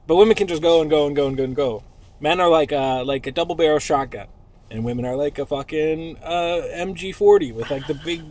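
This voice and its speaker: A man hosting a casual podcast chat, crude and joking, often laughing. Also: a little high. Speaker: podcast host.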